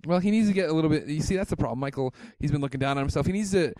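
A man's voice: fairly high pitch, racing, no echo. A man co-hosting a casual podcast who teases and jokes with his co-hosts. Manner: teasing, joking, animated. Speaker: podcast co-host.

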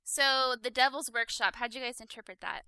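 A woman's voice: fairly high pitch, a little fast, creaky, bright, forceful tone, clean tone, no room sound. A giggly, chatty woman hosting a podcast, mixing casual banter with reading out a story recap. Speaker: podcast host.

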